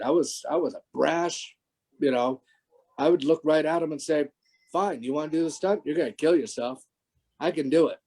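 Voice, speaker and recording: A man's voice: medium pitch, dark tone, slightly rough, low-quality recording. A man in his sixties, a former stunt performer, telling rambling stories with many restarts on a video call. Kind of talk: casual interview anecdotes.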